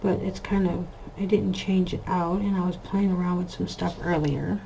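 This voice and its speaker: An American woman in her thirties with a low, gravelly voice, rambling through family stories while she colours at her desk. She talks casually and easily, stopping now and then to narrate her shading. A faint hiss sits under her voice. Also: fairly even intonation, normal speed, warm tone, rough recording. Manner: chatty, storytelling, drifts between anecdotes and narrating her work. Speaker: coloring channel host. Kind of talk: casual chat while coloring.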